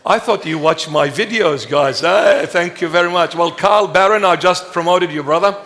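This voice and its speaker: A man preaching a sermon as a bishop, emphatic and slow, with playful asides to the congregation. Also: on the high side, lively intonation, fairly bright tone. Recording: long reverb of a large hall.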